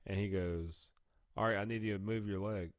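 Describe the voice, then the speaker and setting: A man's voice: on the low side, fairly even intonation, normal speed, no room sound, studio quality. A man, co-hosting a podcast and telling a story in casual chat, laughing as he talks and acting out the people he quotes. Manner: laughs through his stories, acts out quoted people. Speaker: podcast co-host.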